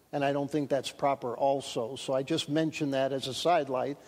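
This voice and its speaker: A high-pitched male pastor delivers an earnest sermon. He stresses important phrases by slowing down. His voice rings with long reverb in a church hall. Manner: earnest, emphatic preaching with slowed key phrases.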